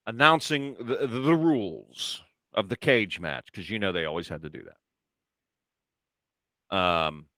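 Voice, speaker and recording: Animated man telling a story. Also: medium pitch, no echo. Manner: animated storyteller, acts out quoted dialogue. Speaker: podcast co-host. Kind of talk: casual podcast chat.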